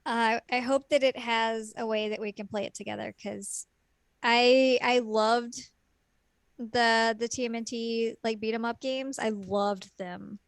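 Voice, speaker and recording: A woman's voice: on the high side, steady tone, measured pace, no echo, clean studio sound. A woman co-hosting a podcast in casual chat, easygoing, mostly reacting briefly. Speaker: podcast co-host.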